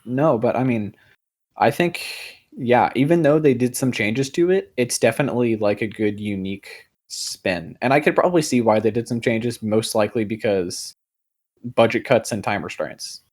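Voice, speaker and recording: In a loose podcast conversation, this young co-host meanders along, leaning on fillers, starting over often and cursing casually. He speaks at a moderate pace in a mid-range, darkish voice.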